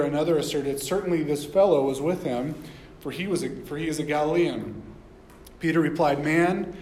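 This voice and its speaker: A man's voice: a little high, echoey room, a little hiss or hum, poor audio. A man preaching a sermon, reading scripture aloud and explaining it in a conversational way, often asking the listeners questions. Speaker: pastor.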